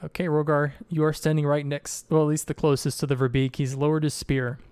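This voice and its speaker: A man running a tabletop game, narrating the scene in a relaxed, descriptive way. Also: a little high, brisk, clean tone, no echo, studio quality. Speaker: game master.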